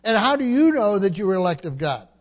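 A man's voice: sits high, sing-song, fast. A man preaching a sermon, emphatic and teaching, often repeating words and asking the congregation questions.

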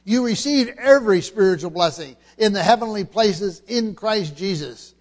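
A man with a high voice preaches through scripture, driving points home by repeating them and often restarting his sentences. His voice rings out with a long reverb, as in a large hall. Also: expressive, normal speed. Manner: emphatic, repeats key phrases, frequent restarts. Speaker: pastor. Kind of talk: expository sermon.

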